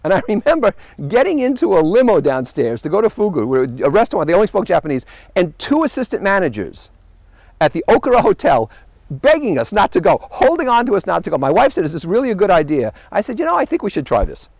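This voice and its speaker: A man hosting a show, telling travel stories in an animated monologue with wry punchlines. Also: high-pitched, fast, creaky, no room sound. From United States. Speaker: host.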